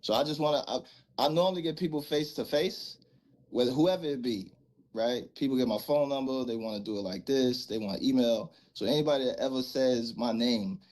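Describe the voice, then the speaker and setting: A man appearing as a guest rapper on a live stream, speaking calmly and directly. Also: medium pitch, fairly quick. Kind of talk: casual confrontational talk.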